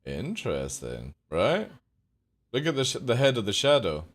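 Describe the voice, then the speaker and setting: A man's voice: medium pitch, huge pitch swings, moderate pace. A young adult man streaming a game live, chatting casually with his viewers, joking and swearing freely. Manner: profane, joking, talks to chat. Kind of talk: casual live gameplay chat.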